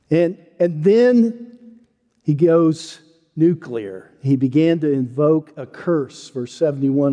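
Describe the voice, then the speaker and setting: A man who is a pastor preaches a little slowly in what sounds like a large hall, telling his story with earnest conviction. He goes high and loud on the quoted denials and low and soft on the solemn points.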